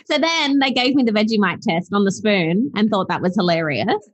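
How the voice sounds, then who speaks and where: A woman guest telling a childhood story in a casual, animated way, acting out quoted voices. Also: mid-range voice, moderate pace, long pauses, dry recording, lo-fi sound. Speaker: podcast guest.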